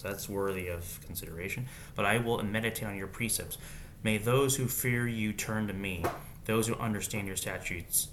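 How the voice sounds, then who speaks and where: A man's voice: fairly low pitch, fairly bright tone, a little hiss or hum. A man reading Bible verses aloud in a casual way, breaking off now and then with slangy comments of his own.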